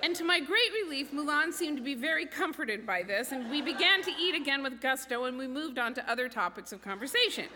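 A woman's voice: high-pitched, expressive, a little fast, hardly any pauses. A woman telling a comic personal story on stage, with a wry, self-mocking delivery. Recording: reverberant hall with background noise.

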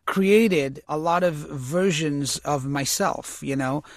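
A man's voice: a little high, slow pace, vocal fry, dry recording. Reflective man speaking close and dry. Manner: reflective, many restarts and "you know". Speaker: actor and author, interview guest. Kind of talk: conversational interview.

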